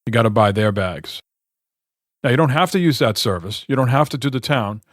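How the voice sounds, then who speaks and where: A man's voice: mid-range voice, animated, a little fast, dry recording, clean studio sound. Rambling, exasperated man telling a story. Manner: rambling, exasperated, swears freely. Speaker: podcast co-host. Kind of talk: casual chat, storytelling.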